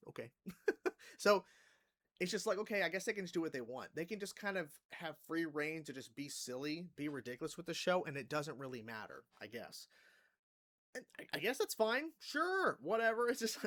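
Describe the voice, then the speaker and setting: A man's voice: a little high, big pitch swings, normal speed, fairly bright tone. A man hosting a reaction channel, rambling through casual commentary on a cartoon episode. He is exasperated, swears freely and laughs between thoughts.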